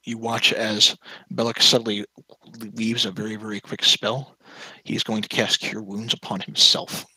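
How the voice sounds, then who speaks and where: A man's voice: fairly low pitch, level tone, normal speed, pushed and bright, slightly rough, dry recording, rough recording. A man narrating a tabletop game as game master, hesitant and often correcting himself on the rules, over online voice chat.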